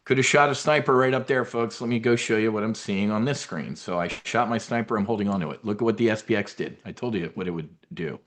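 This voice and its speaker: A man's voice: lowish voice, fast, few pauses, a bit bright. A middle-aged man hosting a live trading webinar, brash and blunt, swearing now and then and using military slang.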